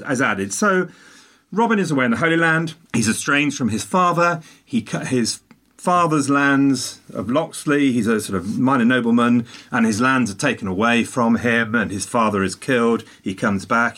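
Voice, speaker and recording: A man chatting casually, telling a long story with animated asides and tangents. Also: mid-range voice. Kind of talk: casual chat.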